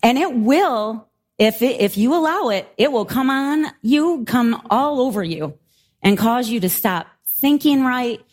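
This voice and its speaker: Woman, middle-aged, pastor, sermon, animated storytelling, laughing delivery, higher voice. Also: a little slow.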